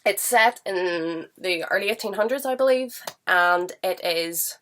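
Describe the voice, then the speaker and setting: A woman's voice: fairly low pitch, unhurried, a bit bright, a little hiss or hum. A woman with a stuffy voice from a cold, chatting casually and enthusiastically about books at home. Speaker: book vlogger. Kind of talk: casual chat to camera.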